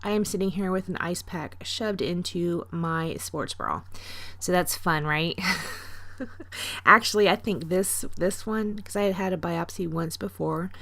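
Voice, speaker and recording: A woman's voice: lowish voice, normal speed, a bit bright, no echo. A woman narrating her scrapbooking in a chatty, self-deprecating, rambling voiceover from her home craft desk. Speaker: scrapbooking vlogger.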